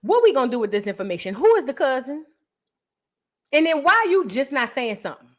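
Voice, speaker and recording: A woman with a high voice hosts a casual reaction show. She talks bluntly and crudely, mocking whoever is on screen. Her tone stays sassy and loose. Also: very animated, brisk. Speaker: commentary host.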